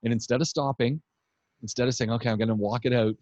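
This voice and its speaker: A man hosting a podcast, telling relaxed, rambling anecdotes in casual chat. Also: medium pitch, fast talker, no echo. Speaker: podcast host. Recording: dull dry podcast audio.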